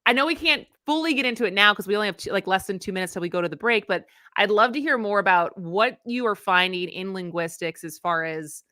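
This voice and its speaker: A woman hosting a live radio talk show, asking questions in a quick, chatty, energetic way. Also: mid-range voice, no room sound, studio quality.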